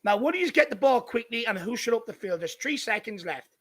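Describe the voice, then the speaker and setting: An Irish fan channel host, speaking in a very high, animated and brisk voice, runs a live football watchalong. He rants furiously and swears at how his team is defending.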